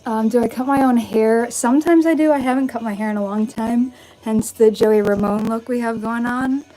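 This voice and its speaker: In her bedroom with a vanity, a young vintage fashion YouTuber holds her phone at arm's length for a relaxed live-stream Q&A. Her mellow voice sits on the high side, with a steady tone and normal speed, and she sounds upbeat, saying like and um often. Faint music is audible, and the recording quality is rough.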